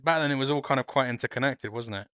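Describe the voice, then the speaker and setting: A man hosting an interview over a video call, joking around and keeping up quick banter. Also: medium pitch, fairly bright tone, smooth, no echo, dull audio. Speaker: interview host.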